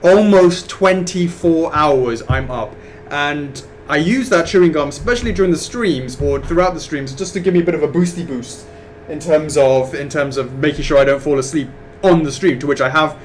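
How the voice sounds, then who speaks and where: A man co-hosting a live stream, telling a story in animated, quick bursts. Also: on the high side, a little hiss or hum. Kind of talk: casual chat on a live stream.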